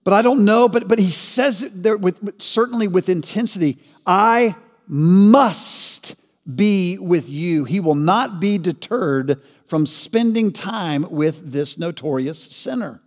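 A man preaching a sermon as pastor, asking rhetorical questions and building to loud, emphatic peaks. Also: sits high, animated, a little slow, hardly any pauses, in a large hall.

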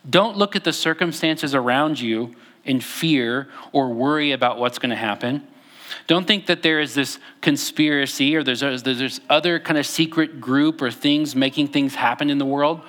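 Reading scripture aloud during a conversational sermon, this young Texan pastor often fills and restarts his sentences. His voice is medium in pitch and a bit bright, at a moderate pace.

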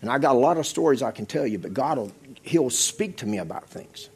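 Husky middle-aged man preaching a testimony. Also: mid-range voice, animated, a little fast, darkish tone. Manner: conversational storytelling, repeats phrases. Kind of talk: testimony sermon.

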